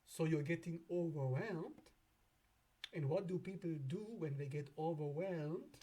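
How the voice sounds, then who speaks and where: A man with a somewhat high, husky voice hosts an astrology video. He talks casually and playfully, laughing now and then and dramatizing imagined conversations. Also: a little slow, mellow.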